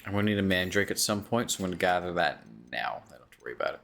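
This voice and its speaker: A man's voice: low-pitched, expressive, very fast, gravelly, fairly bright tone. A man streaming a video game, joking and self-mocking with drowsy asides. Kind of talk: casual game commentary.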